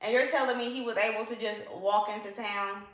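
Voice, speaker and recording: A woman's voice: mid-range voice, fairly even intonation, a little fast, fairly bright tone. A woman giving a casual, opinionated book review, emphatic and repeating points for effect. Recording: echoey room.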